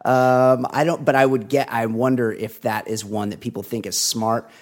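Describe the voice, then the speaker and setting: A man's voice: medium pitch, fairly even intonation, darkish tone. Rambling man, podcast co-host. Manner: rambling, hesitant, drawn-out musing. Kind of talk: casual chat.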